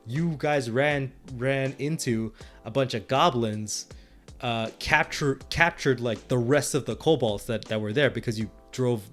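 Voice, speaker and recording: A man's voice: medium pitch, a little slow, fairly bright tone, faint music behind. A man co-hosting a podcast and retelling his tabletop game sessions as game master, rambling with frequent restarts and laughs. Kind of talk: casual chat.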